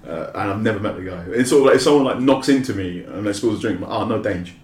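A man's voice: fairly low pitch, very fast. A man chatting casually as a podcast co-host, rambling and self-mocking. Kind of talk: casual chat. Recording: roomy echo.

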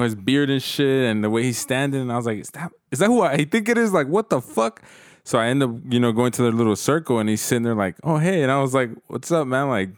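A man's voice: mid-range voice, clean tone, dry recording, clean studio sound. A man casually telling a profane story to friends, laughing as he goes.

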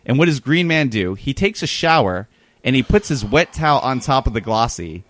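At a moderate pace and medium pitch, a guest rambles through an animated anecdote on a dry, echo-free mic. His casual story is thick with "uh" and "whatnot."

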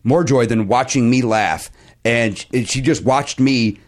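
A man's voice: mid-range voice, measured pace. A man co-hosting a comedy podcast, rambling through mock-serious jokes. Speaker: podcast co-host.

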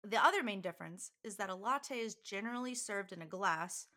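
A woman's voice: medium pitch, lively intonation, brisk, pushed and bright. A woman co-hosting a podcast, chatting and explaining things with frequent laughs. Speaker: podcast co-host. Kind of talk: casual chat.

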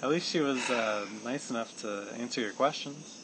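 A man's voice: mid-range voice, moderate pace, background noise. A man co-hosting a podcast, amused and laughing often, with dry quips in casual chat. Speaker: podcast co-host.

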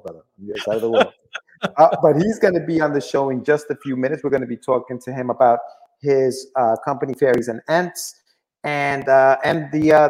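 A man hosting a live podcast over a video call, talking in a loose, relaxed way with casual slang. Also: medium pitch, rough recording. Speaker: podcast host. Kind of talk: casual chat.

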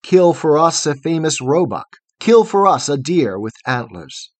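A man reading as a boastful, fatherly old storyteller from a storybook poem. He gives slow, firm orders with lively rises and falls in pitch. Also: dry recording. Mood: commanding.

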